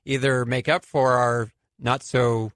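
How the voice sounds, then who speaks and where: A man's voice: medium pitch, flat delivery, slow pace, a bit bright, no room sound. A middle-aged man hosting a radio show at a studio microphone, chatting casually, laughing often, with plenty of fillers.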